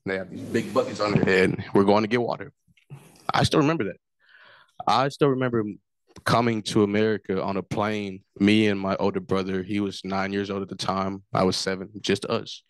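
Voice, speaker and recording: A man's voice: lowish voice, fairly even intonation, fairly quick, no room sound. A man from Africa giving personal testimony at a forum, telling his story in an earnest way that keeps circling back to what he remembers. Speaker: forum speaker.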